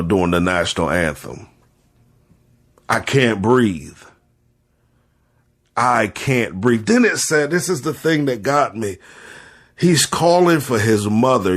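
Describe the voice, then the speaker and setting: In a lowish voice, a man who hosts a podcast and serves as a spiritual leader gives heartfelt, sermon-like commentary. He repeats phrases for emphasis and holds back tears as he speaks passionately.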